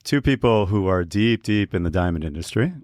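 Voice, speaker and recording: A man's voice: lowish voice, lively intonation, a little fast, a little mellow, dry recording, clean studio sound. A man co-hosting a podcast, asking questions in a loose, friendly way with self-deprecating asides. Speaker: podcast co-host. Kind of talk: casual interview talk.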